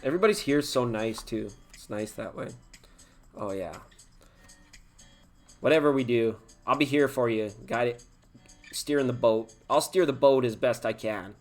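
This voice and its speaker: Man, live tarot stream host, casual chatty talk, laughs a lot, mid-pitched voice. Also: moderate pace, pauses often, faint music behind. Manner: chatty, laughing, talks to viewers by name.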